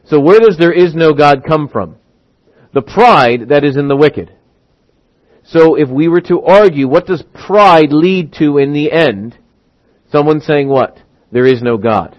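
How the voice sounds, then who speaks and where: A man preaching a sermon through a Bible passage, acting out quotes and slowing down on key words. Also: fairly high pitch. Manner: animated, acts out quotes, stretches key words slowly. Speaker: pastor. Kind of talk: expository sermon. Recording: dull lo-fi sound.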